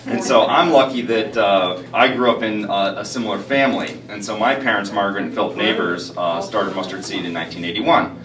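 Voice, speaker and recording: Low-voiced man speaking in an echoey hall. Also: a little fast, hardly any pauses, background noise. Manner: earnest, many "uh" fillers. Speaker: guest speaker, health food store owner. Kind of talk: presentation to a live audience. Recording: echoey hall, far from mic, crowd behind.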